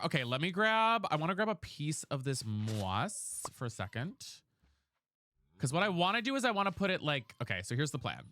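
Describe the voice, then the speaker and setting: A man's voice: a little high, sing-song, moderate pace, bright, forceful tone, slight background noise. A man chatting casually on a live game stream, dramatic and chatty, thanking viewers by name. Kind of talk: casual live-stream chat while gaming.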